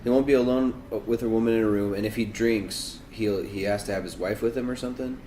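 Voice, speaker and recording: A man's voice: fairly low pitch, steady tone, quick pace, warm tone. A man co-hosting a casual political podcast, talking with many restarts and fillers. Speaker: podcast co-host. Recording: echoey room with faint noise.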